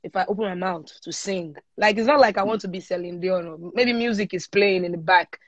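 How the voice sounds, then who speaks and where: A young woman with a Nigerian accent tells her story in a relaxed interview, dropping into pidgin as she goes. She speaks into a phone on a live stream, so the audio sounds muffled and lo-fi. The room is dead, with no echo. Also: fairly low pitch, a little fast. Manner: lively storyteller mixing in pidgin. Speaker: singer guest. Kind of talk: casual interview chat. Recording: dull lo-fi livestream audio.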